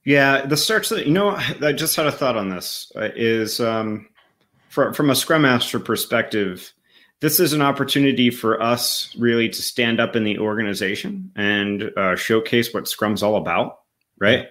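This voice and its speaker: A man co-hosting a casual podcast discussion, with a voice of ordinary middle pitch. He talks in a loose, persuasive way, building his argument as he goes. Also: normal speed, a bit bright. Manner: conversational and persuasive, with fillers and restarts. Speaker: podcast co-host.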